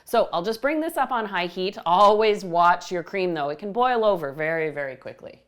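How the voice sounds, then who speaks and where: A woman hosting a baking show, explaining each step with clear, enthusiastic instructions from a kitchen. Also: lowish voice, lively intonation, moderate pace, slight background noise. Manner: warm, explanatory, enthusiastic about the food. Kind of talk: cooking demonstration.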